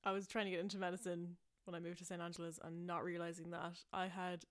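A woman's voice: fairly low pitch, little pitch movement, fast. A young Irish woman hosting a podcast, telling stories in a chatty, self-mocking way, with lots of fillers and frequent laughs. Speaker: podcast host. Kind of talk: casual storytelling podcast.

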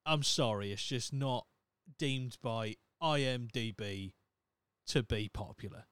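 Young guy ranting on his podcast, swears a lot, smooth clear voice, dry close sound. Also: mid-range voice, a little slow, a bit bright, dry recording. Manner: blunt, sweary, opinionated. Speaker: podcast host. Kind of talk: casual solo podcast rant.

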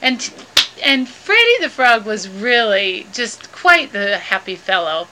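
A woman's voice: on the high side, very animated, slow pace, background noise. A woman improvising a playful children's story about animals, in a lilting storytelling manner.

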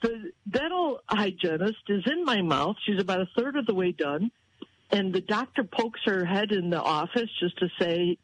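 A woman telling stories in casual chat, animated, jumping up in pitch when she quotes others. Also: normal speed, no room sound, low-quality recording. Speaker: guest.

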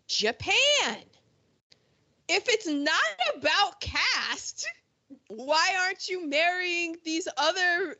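A woman with a high, bright, ringing voice talks in a lively, excitable way, jumping into little acted-out quotes as she chats. The sound is somewhat dull and lo-fi. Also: no echo. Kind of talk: casual chat.

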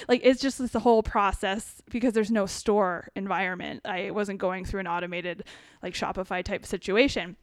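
A middle-aged woman telling her story as a podcast guest, animated and expressive, sometimes emotional. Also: medium pitch, a little fast, no echo, clean studio sound. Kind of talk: casual storytelling.

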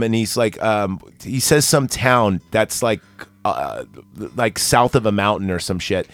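A man's voice: lowish voice, lively intonation, unhurried, no echo. A man co-hosting a podcast, recapping a movie in casual, rambling chat full of fillers and swearing. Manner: rambling, profane, lots of fillers. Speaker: podcast co-host.

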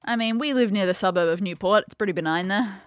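Woman co-host, dry teasing humor, punning hints, mid-pitched voice, close dry mic. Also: quick pace, dry recording. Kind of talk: casual chat.

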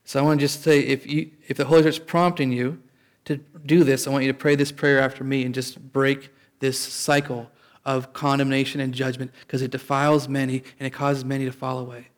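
A man's voice: mid-range voice, little pitch movement, fairly quick. A man preaching a sermon as pastor, in a conversational way, often restarting and calling out for an amen.

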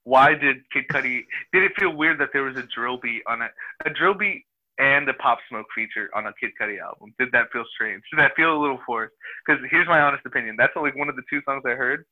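A man's voice: medium pitch, a little fast. A man from New Jersey, co-hosting a casual chat over the phone, laughing and swearing as he rambles. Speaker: podcast co-host. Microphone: phone call. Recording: dull lo-fi phone sound.

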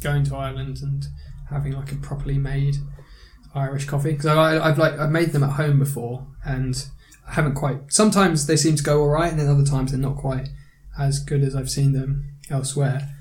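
A man co-hosting a podcast, chatting casually in a relaxed, rambling way with frequent fillers and restarts. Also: medium pitch, a little fast, a little hiss or hum. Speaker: podcast co-host. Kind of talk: casual chat.

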